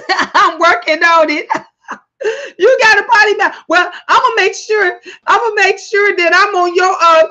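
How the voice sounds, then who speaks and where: A woman hosting a casual livestream chat, loud, playful and profane, laughing often. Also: sits high. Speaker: livestream host.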